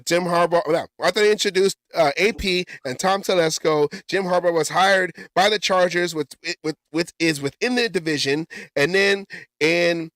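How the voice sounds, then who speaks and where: A man's voice: a little high, fairly bright tone, no room sound, studio quality. A man hosting a casual sports talk show, rambling and often stumbling and correcting himself. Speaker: podcast host.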